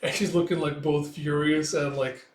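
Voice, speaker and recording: A man's voice: fairly high pitch, little pitch movement, normal speed. Guy rambling through a manga read, lots of fillers, echoey room. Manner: rambling, full of fillers like "it's like". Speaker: comic reader.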